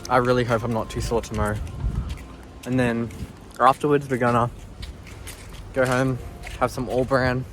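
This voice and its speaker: A young Australian man talking casually to the camera, chatty and relaxed, with an ordinary mid-range voice. Soft music plays faintly under him. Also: medium pitch, normal speed, long pauses. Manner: upbeat, chatty, laid-back. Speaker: fitness vlogger. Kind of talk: casual vlog chat and training explanation.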